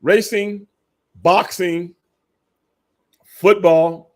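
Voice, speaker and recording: A middle-aged man with a Texan accent, hosting a casual podcast chat and telling stories with lots of laughter and sudden excited high bursts. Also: drawn-out words. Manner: animated storyteller, laughs often, jumps into high excited bursts. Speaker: podcast host.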